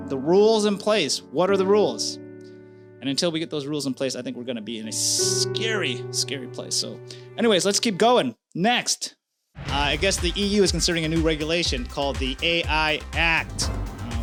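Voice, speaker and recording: A middle-aged man from the United States hosting a casual news commentary vlog, chatty and animated, talking straight to his viewers. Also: a little high. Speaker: news channel host.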